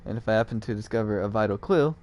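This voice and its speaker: A man's voice: on the low side, racing, a little mellow, a little hiss or hum, voice pushed down, close to an everyday voice. A man voicing a cold, arrogant rich young man in a video game, reading the lines in a haughty, dismissive way. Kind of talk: reading game dialogue aloud.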